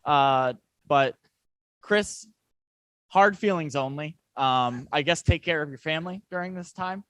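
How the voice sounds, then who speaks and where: A man's voice: a little high, a little slow, fairly bright tone. A man hosting a podcast, introducing the show with dry, teasing humor. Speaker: podcast host.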